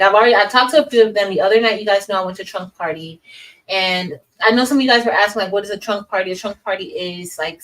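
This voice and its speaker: A woman's voice: lowish voice, fairly bright tone. Chatty woman teacher, slightly distant mic. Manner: chatty, addresses viewers as y'all, reads chat aloud. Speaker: teacher and livestream host. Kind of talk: casual livestream chat.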